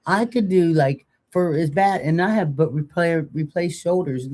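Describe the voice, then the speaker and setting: A woman's voice: lowish voice, normal speed, warm tone. An older woman co-hosting a casual live chat, talkative and joking, rambling into long stories. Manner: chatty, joking, rambling storyteller. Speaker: co-host.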